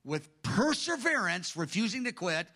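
A man delivers a sermon with a high, bright voice. He talks in a loose, conversational way and slips into lively retellings of what others said. The tone stays ringing and forward. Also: measured pace. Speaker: preacher.

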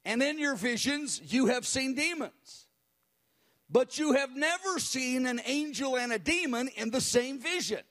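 A man's voice: very high voice, lively intonation, measured pace, fairly bright tone, pitched above the performer's own voice, exaggerated voice. A man voicing a small, fiery elderly woman who boldly declares a prophecy. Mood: declaring. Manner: bold, declaring.

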